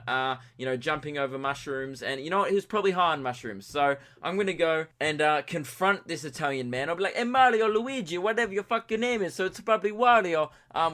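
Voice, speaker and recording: A young man, tired from too little sleep, hosts a solo comedy podcast and rambles from tangent to tangent. He pokes fun at himself as he goes. His voice is sharp and forceful, pitched a little high. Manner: rambling, self-deprecating, tangent-prone. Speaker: podcast host.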